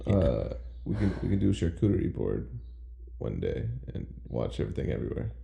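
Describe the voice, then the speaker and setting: A man's voice: low-pitched, big pitch swings, a little fast, vocal fry, warm tone. A man co-hosting a podcast in loose, jokey casual chat, running the game rounds. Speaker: podcast co-host.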